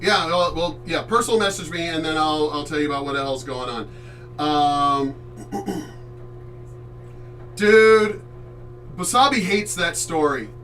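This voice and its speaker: Lively high-voiced man telling stories. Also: unhurried, pauses often, distant mic, soft background music. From Chesapeake Bay area, US. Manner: animated, loud, swears freely, acts out voices. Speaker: streamer host. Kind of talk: casual storytelling.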